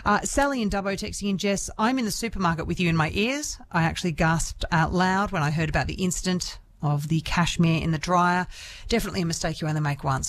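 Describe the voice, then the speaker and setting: A woman with an Australian accent hosting a radio show, chatty, self-deprecating and quick to laugh. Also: lowish voice. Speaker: radio host. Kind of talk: casual radio chat.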